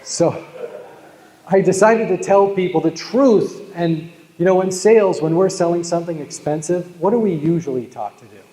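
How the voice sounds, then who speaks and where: A Boston man with a high, mellow voice delivers a live motivational sales keynote at a moderate pace. He tells jokes and stories and calls out to the crowd, and the large event hall gives the recording a long, echoing reverb.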